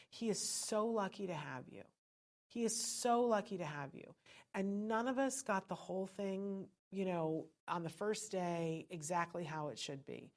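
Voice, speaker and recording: A middle-aged woman hosting a live-stream podcast, chatting with viewers in an encouraging way. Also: lowish voice. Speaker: podcast host.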